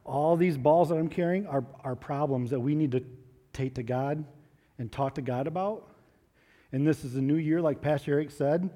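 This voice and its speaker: A man giving a children's moment in church, asking the kids gentle questions and coaxing answers. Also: on the high side, normal speed, big-room sound. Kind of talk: children's sermon with props.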